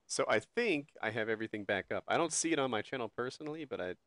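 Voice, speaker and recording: A man's voice: mid-range voice, lively intonation, rapid-fire, a bit bright, no room sound. A man hosting a streamed podcast, chatting casually and laughing easily while fixing tech problems. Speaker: podcast host.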